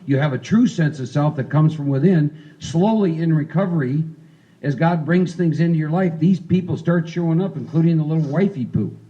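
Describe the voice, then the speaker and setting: A man's voice: fairly high pitch, normal speed, mellow, dull audio. A man leading a recovery workshop, talking casually and coaching volunteers through a role-play. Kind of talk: interactive recovery workshop talk.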